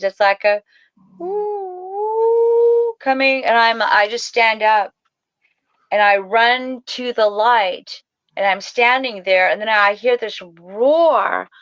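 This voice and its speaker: A woman's voice: medium pitch, fairly bright tone, clear, resonant tone, no room sound, lo-fi sound. Emotional woman with a drawl. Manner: emotional, rambling, tearful at times. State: crying. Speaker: guest. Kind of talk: personal storytelling on a podcast.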